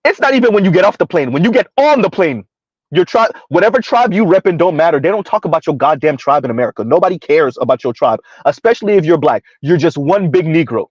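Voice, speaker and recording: A man's voice: fairly high pitch, animated, fast, breathy edge, dry recording. A man live-streaming commentary and reading chat comments, blunt and mocking, laughing often. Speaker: online commentator. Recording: dull lo-fi dry sound.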